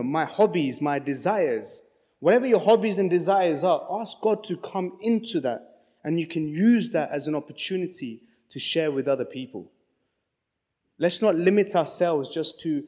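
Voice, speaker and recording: A man's voice: fairly high pitch, a little mellow. A man giving a casual church talk, telling stories and encouraging his listeners, with many restarts. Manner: chatty, storytelling, many restarts. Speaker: church speaker. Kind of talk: casual sermon talk with anecdotes. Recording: long hall reverb.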